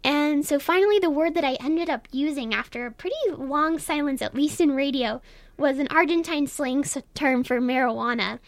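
High-voiced young woman, chatty and dry. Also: moderate pace, dry recording. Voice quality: high, girlish voice. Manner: chatty, self-deprecating, laughs often. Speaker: guest, student radio presenter. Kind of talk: casual radio interview. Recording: dry studio sound.

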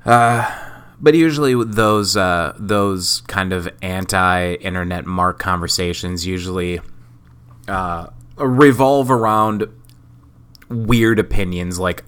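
A man's voice: sits low, slow, fairly bright tone, clear, resonant tone. A sick man hosting a solo podcast, rambling in a profane, self-mocking way. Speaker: podcast host. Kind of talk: casual solo podcast monologue.

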